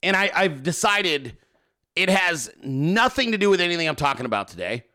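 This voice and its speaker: A man hosting a podcast, talking in casual, excitable commentary, swearing often and laughing a lot. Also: a little high, normal speed. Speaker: podcast host.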